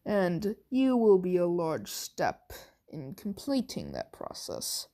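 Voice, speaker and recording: A cruel male mad scientist who savors every word and gloats over his captive, as a woman puts him on. The lines come slow and stretched, an amateur fan story read aloud. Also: on the low side, full character voice. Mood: calm. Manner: gloating, drawn-out, rising to excited cries.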